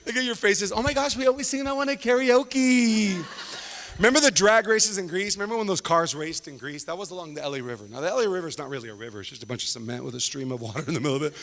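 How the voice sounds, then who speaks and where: A man doing a stand-up comedy set, animated and laughing as he acts out voices. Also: on the high side, racing, few pauses, big-room sound.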